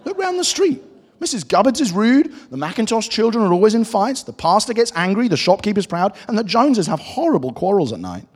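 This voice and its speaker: A man's voice: high-pitched, sing-song, fairly quick, a little mellow, pitched above the performer's own voice. A man voicing a wise and kind talking cat from a children's storybook, explaining patiently. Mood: lively. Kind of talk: reading a children's storybook aloud. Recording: echoey hall.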